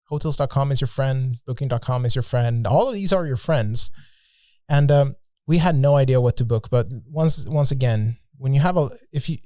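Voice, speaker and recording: A man's voice: mid-range voice, dark tone, no room sound, clean studio sound. A man, a podcast guest, telling a travel story in a casual, joking way with many restarts.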